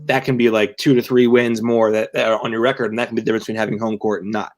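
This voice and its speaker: A man's voice: fairly low pitch, flat delivery, rapid-fire. A young man co-hosting a sports podcast, talking casually and rambling through many restarts and fillers. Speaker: podcast co-host and team writer.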